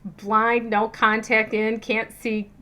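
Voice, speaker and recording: Woman, middle-aged, spiritual coach, casual teaching talk, chatty, animated, lots of fillers. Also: a little high, slow.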